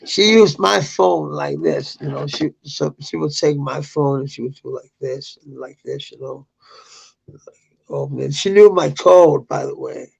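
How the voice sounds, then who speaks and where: A man's voice: a little high, big pitch swings, a little slow, gravelly, slightly rough, highs cut off. A middle-aged man telling a personal story in a rambling, profane way, with bitter outbursts.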